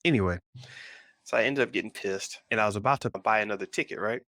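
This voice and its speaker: Speaking quickly in a voice on the low side, this man is captured on a dry recording. As a pop culture podcast co-host in casual chat, he tells a rambling story and animates his retelling.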